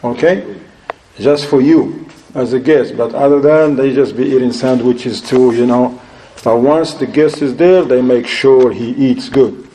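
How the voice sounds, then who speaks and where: Animated, mellow-voiced male lecturer. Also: mid-range voice, a little slow, a little hiss or hum, low-quality recording. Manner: animated, acts out quoted voices, laughs often; sprinkles Arabic religious phrases into his talk. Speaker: Islamic lecturer. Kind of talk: storytelling lecture to an audience.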